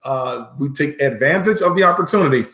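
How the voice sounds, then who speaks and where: A man's voice: a little high, lively intonation, a little fast, fairly bright tone. A man, a pastor, preaching and leading a congregation in sung praise with call-and-response. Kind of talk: sermon with singing. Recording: echoey room with music behind. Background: worship music.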